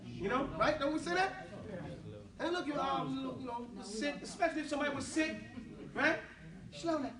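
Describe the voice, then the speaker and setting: High-voiced playful man teaching a class. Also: expressive, normal speed, long pauses, crowd noise. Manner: playful, joking, switching between English and Arabic. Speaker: Arabic teacher. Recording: echoey room, voice from a distance.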